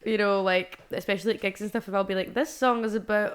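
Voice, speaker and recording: A woman's voice: medium pitch, fairly even intonation, quick pace. A young adult woman with a Scottish accent, a musician chatting casually as a podcast guest, rambling with many fillers and restarts. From Scotland.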